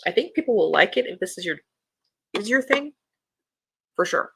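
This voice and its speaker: A book podcast host chatting casually and reading new-release blurbs aloud in an even storytelling way. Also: mid-range voice, normal speed, creaky, breathy edge, dry recording.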